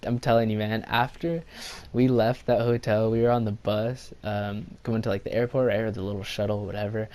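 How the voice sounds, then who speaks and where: A man's voice: on the low side, level tone, a little fast, darkish tone. A young man recounting a trip in a loose storytime vlog. He rambles, stacks up fillers, and acts out what everyone said. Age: young adult. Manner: rambling, full of "like" fillers and quoted dialogue. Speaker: vlogger.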